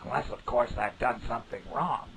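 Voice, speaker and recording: A man's voice: medium pitch, a little fast, vocal fry, over a noisy crowd, lightly acted, rough recording. A man voicing a smug character who proclaims his freedom in a self-satisfied way, from a hobby game.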